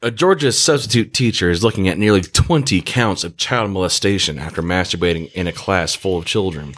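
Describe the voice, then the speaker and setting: Tired male co-host reading articles, deep voice. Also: a little fast, a bit bright. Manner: stumbles over words while reading. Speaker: podcast co-host reading news. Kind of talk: casual chat and reading articles aloud.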